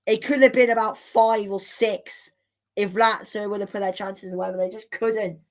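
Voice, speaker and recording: A woman hosting a live football watchalong, commenting in an excitable, exclamatory way with indignant rants. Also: medium pitch, moderate pace. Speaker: watchalong host.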